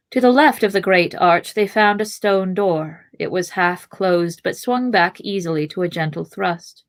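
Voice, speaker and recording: A woman podcast host reading a fantasy novel aloud, with expressive narration and chatty asides. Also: lowish voice, a little slow, hardly any pauses.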